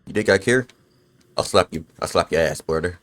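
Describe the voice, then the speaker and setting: A man in his twenties with a lowish voice gives laid-back, swear-heavy commentary while he plays a game. He chats loosely with his viewers between fights and is bothered by the hiccups. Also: brisk, a bit bright. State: has the hiccups. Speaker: gaming streamer. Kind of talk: casual gameplay commentary.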